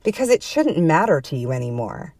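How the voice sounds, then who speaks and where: A woman voicing a giant, blunt double of the heroine who speaks low, firm and urgent. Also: big pitch swings, brisk, darkish tone, dry recording. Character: towering blunt woman, the other self, tough but caring.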